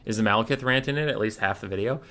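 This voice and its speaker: A man with a bright, forceful voice chats casually on a live game stream. He drifts from mumbled asides into laughing, swearing rants, reading chat aloud and answering it as he plays. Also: lowish voice, rapid-fire. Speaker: streamer hosting a strategy game tournament.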